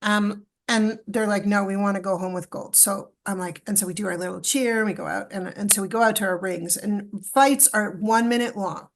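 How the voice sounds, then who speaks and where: A middle-aged Canadian woman tells her story as a podcast guest, with a gravelly, fry-tinged voice at an ordinary pitch. She gets animated and emotional and acts out what people said. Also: moderate pace, hardly any pauses. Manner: animated, acts out quoted dialogue, emotional retelling. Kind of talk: storytelling in a casual interview.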